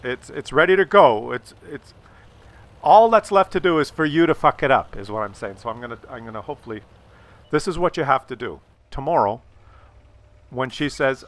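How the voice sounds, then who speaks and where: A man's voice: medium pitch, lively intonation, normal speed. A middle-aged man hosting his own channel, giving sly, stammering advice to viewers and swearing freely. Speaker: channel host. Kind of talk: conspiratorial casual advice to viewers.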